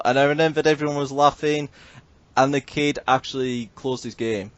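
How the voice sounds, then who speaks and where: A man's voice: a little high, brisk, no room sound, lo-fi sound. Man telling a podcast story. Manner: animated, swearing, mimics others in quotes. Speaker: podcast host.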